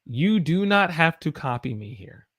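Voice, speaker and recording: Man, Southern US accent, English teacher, slow unhurried delivery, repeats sample words. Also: on the high side, sing-song, fairly bright tone, slightly rough. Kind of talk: pronunciation lesson with viewer chat.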